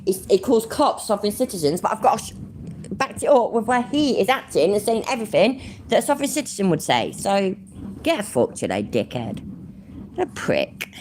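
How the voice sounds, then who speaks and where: A woman's voice: medium pitch, very animated, fairly quick, a little mellow, a little hiss or hum. A woman hosting a casual commentary channel from home, sarcastic, swearing freely and laughing easily.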